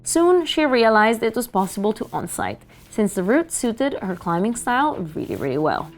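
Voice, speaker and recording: Woman co-host, climbing news, animated pitch, light music under. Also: moderate pace. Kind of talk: news show banter and read reports.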